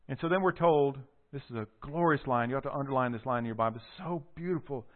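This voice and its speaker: A man preaching a sermon, retelling a scripture story with animated storytelling and acting out the quoted lines. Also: mid-range voice, fast talker, few pauses. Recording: tinny phone-like audio.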